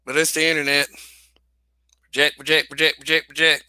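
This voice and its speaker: A man's voice: fairly high pitch, flat delivery, a little fast, bright, forceful tone, clear, resonant tone, no echo. A man hosting a livestream, talking casually and bluntly, swearing, restarting sentences and repeating phrases for emphasis. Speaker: livestream host.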